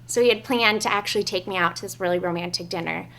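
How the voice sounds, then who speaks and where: A young adult woman, a bride, earnestly telling her love story and reading her wedding vows, with frequent "um" pauses. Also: lowish voice, bright, forceful tone, slight background noise.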